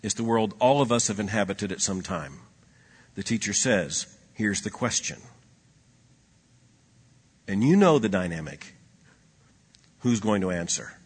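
A man preaching a sermon, swinging between loud emphatic lines and hushed low asides, with a husky voice. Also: expressive, normal speed. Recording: long hall reverb.

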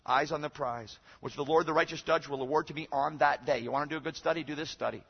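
A man preaching a sermon as pastor, moving between loud, emphatic exhortation and quiet, conversational storytelling. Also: on the high side, quick pace, creaky, slightly rough. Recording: dull lo-fi sermon recording.

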